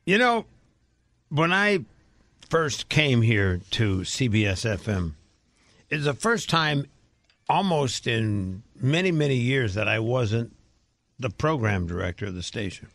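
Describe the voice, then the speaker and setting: A man's voice: mid-range voice, big pitch swings, measured pace, creaky, fairly bright tone, no room sound. A middle-aged man, a radio host, chatting casually and reminiscing with his co-host. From United States. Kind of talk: casual chat.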